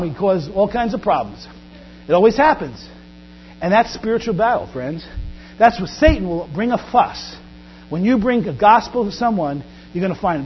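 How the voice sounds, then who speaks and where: A man preaching a sermon as pastor, animated, often acting out Bible scenes in quoted voices. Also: sits high. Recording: dull lo-fi recording with faint mains hum.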